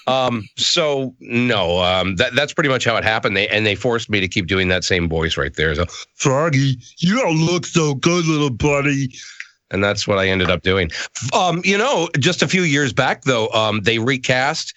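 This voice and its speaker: A middle-aged man, a voice actor, telling stories as a guest in a casual interview, animated and self-deprecating. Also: fairly low pitch, moderate pace, dry recording.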